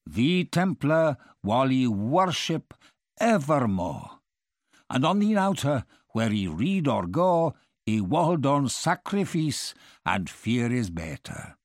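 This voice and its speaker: A man's voice: medium pitch, sing-song, takes it slowly, dry recording, studio quality. A man voicing a young knight praying to the goddess of love, reciting archaic verse in a solemn, pleading way. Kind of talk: reading medieval verse aloud.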